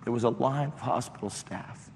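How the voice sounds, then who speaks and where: A man preaching a sermon built on a personal testimony, telling the story in an impassioned way that climbs into shouted appeals. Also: mid-range voice, moderate pace. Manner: impassioned, rising to shouted exhortation. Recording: echoey hall, faint background noise.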